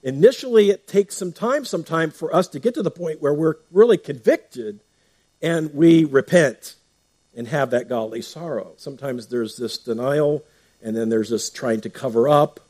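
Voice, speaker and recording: Man as pastor: relaxed Bible teacher, fairly high-pitched voice, chatty delivery with frequent fillers and restarts. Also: normal speed. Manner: conversational, often adds "right?", many fillers and restarts.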